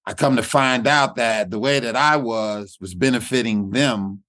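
A man's voice: mid-range voice, a little slow, a bit bright, no echo. A middle-aged comedian, telling a personal story in an interview, looping and repeating words as he talks. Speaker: guest comedian. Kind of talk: reflective interview talk.

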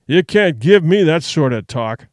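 Man doing a drunken sea captain, hoarse, snarling, resentful, loud, animated. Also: fairly high pitch, a little slow, no room sound, clean studio sound. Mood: bitter, accusing. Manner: snarling, accusing. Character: hostile drunken male ship captain, resentful.

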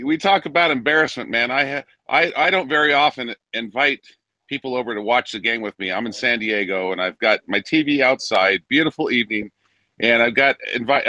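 A man's voice: medium pitch, pushed and bright, no room sound. A man calling into a sports radio show, laughing at himself while telling a story. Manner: laughing, self-deprecating. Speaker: caller. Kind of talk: casual call-in chat.

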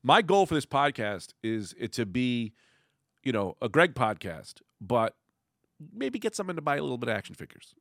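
A man hosts a relaxed podcast and tells rambling stories with a lively voice that swings up and down in pitch. He speaks into a studio microphone, and the sound is close and dry. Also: normal speed, no echo. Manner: animated, rambling storyteller. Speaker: podcast host. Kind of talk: casual podcast chat.

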